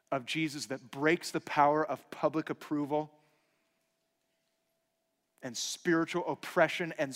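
A man in his thirties preaching a sermon, telling personal stories earnestly and dropping to a hushed voice for emphasis. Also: mid-range voice. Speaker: pastor. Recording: long hall reverb.

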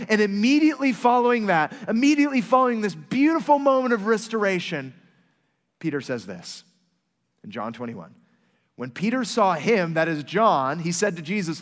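A man preaching a sermon as pastor, telling a story with animated swings from loud to hushed. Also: sits high, moderate pace, in a large hall.

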